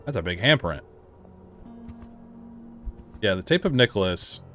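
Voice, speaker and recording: Game reviewer: low-voiced young man, sarcastic asides, faint music under. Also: sing-song, unhurried, sharp tone. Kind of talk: casual let's-play commentary.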